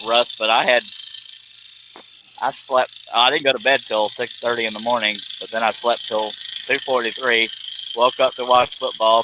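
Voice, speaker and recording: A man's voice: medium pitch, background noise. A man hosting a woodworking live stream, rambling and joking as he reads viewer comments. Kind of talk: casual live stream chat. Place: home woodworking shop.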